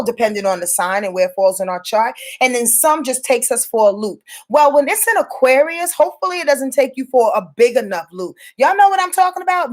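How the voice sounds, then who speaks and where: Animated, rambling high-voiced woman astrologer. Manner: rambling, profane, animated, with playful asides and sudden pitch jumps. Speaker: astrologer giving a weekly rundown. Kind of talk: casual spoken forecast.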